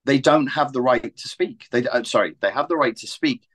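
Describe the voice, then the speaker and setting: Man, podcast host, exasperated rant, swearing, pitch leaping high and low. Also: moderate pace, breathy edge. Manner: exasperated, ranting, swears often, leaps in pitch. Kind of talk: heated podcast discussion.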